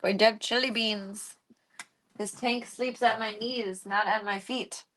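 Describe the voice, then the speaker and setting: A woman streamer chatting casually, rambling from one thought to the next. She slips into cooing baby talk whenever she speaks to her cats. Her voice sits at a middle pitch. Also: fairly even intonation, a little slow, a bit bright. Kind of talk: casual live-stream chat.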